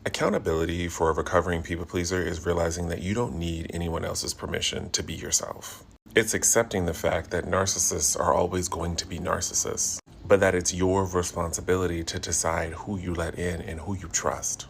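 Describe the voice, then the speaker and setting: A man giving measured, earnest advice in a reflective motivational talk. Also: sits low, flat delivery, vocal fry, slight background noise.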